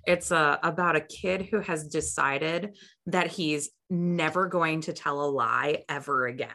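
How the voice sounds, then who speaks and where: A woman co-hosting a podcast, talking in an animated way and laughing often. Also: low voice, measured pace, vocal fry. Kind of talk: casual chat.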